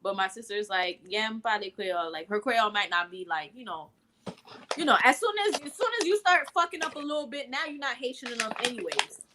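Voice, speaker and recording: A woman's voice: fairly high pitch, lively intonation, a little fast, pushed and bright, slight background noise. A woman co-hosting a casual talk show, speaking bluntly and rambling, with lots of filler words. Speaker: podcast co-host. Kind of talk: casual chat.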